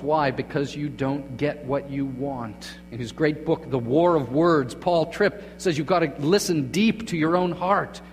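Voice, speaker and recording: A man preaching a sermon as pastor, moving between quiet, hushed phrases and emphatic, raised lines. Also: a little high. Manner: dramatic shifts between hushed and emphatic delivery. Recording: long hall reverb with faint mains hum.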